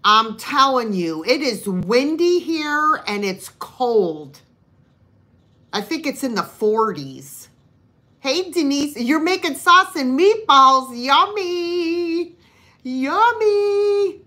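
A woman's voice: sits high, animated, slow pace, sharp tone. A middle-aged woman hosting a live sale, casually chatting, laughing often and greeting viewers by name. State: cold, complaining of freezing.

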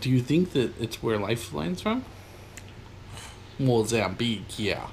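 A man co-hosting a casual podcast, talking in quick, lively, rambling bursts. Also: mid-range voice, gravelly, a little hiss or hum. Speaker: podcast co-host.

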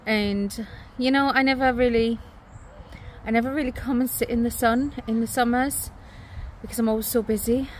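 A woman chats casually to the camera outdoors in a garden and laughs often between remarks. Her voice sits a little higher than most. A faint hum of noise lies underneath. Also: moderate pace. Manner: chatty, laughs often, expressive. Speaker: vlogger and mother.

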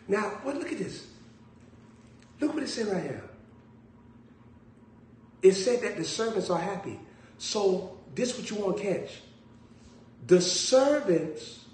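Slow, animated male preacher. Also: high voice. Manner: storytelling, joking, drawling, slow. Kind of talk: sermon. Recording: echoey room, distant mic, faint background hum.

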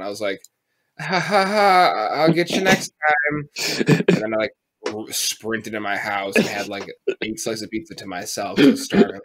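A man's voice: fairly low pitch, fairly bright tone. An American man in his twenties with a rambling, profane way of telling stories, full of fillers, co-hosting a casual podcast chat. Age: 20s. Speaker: podcast co-host.

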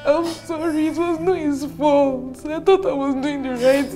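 A woman's voice: sits high, fairly even intonation, a little slow. An actress playing a remorseful mother who tearfully begs her daughter's forgiveness in a film drama. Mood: pleading. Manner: pleading, tearful apologies. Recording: film soundtrack music behind.

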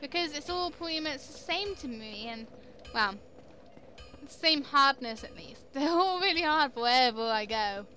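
A young woman commenting chattily on her own gameplay, quick to exclaim and laugh. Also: high-pitched, animated, sharp tone, faint music behind. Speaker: gamer. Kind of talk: let's play commentary.

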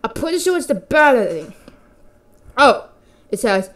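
A young woman commenting on a horror game she is playing, excitable and quick to react. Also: a little high. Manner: excitable, reacting with laughs and exclamations. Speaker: gamer. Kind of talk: let's play commentary.

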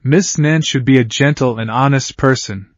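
A man reads a fantasy audiobook aloud in a steady, level manner. His mid-pitched voice sits close and dry, with no room around it. The sound is slightly muffled and dull. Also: normal speed, no room sound. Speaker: audiobook narrator. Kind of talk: reading a translated fantasy novel aloud.

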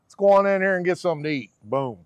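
A man's voice: high-pitched, lively intonation, rapid-fire, highs cut off. Folksy man reviewing sandwiches. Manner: folksy, chatty, playful slang. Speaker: food vlogger. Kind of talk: casual food review vlog. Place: sandwich shop, indoors.

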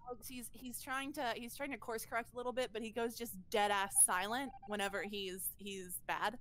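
Blunt teasing woman, fairly high. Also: fairly even intonation, moderate pace, fairly bright tone, a little hiss or hum. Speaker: player. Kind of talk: game chat.

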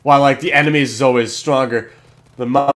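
A young man hosting a gaming channel, giving excitable commentary over his match, swearing and yelling at kills. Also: medium pitch, brisk. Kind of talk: gameplay commentary.

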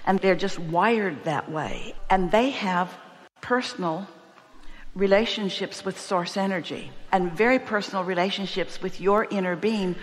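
A woman giving a spiritual teaching to a live audience, speaking as "we" in an emphatic, repetitive way. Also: fairly low pitch. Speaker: inspirational seminar speaker. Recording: long hall reverb.

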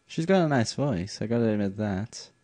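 A man's voice: fairly low pitch, animated, normal speed, dark tone. A man commentating on a game he is playing, muttering to himself with sudden bursts of outrage. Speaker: gameplay commentator. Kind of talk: let's play commentary.

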